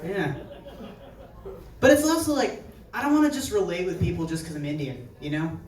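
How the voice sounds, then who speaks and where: A young man doing stand-up at a live show, his voice a little higher than most men's. He talks in a chatty, conversational way and briefly acts out the people he quotes. The room is echoey and he sounds a little far from the recorder. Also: very animated, moderate pace, darkish tone. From New Jersey. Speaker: stand-up comedian. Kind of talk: stand-up set. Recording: echoey venue heard from afar.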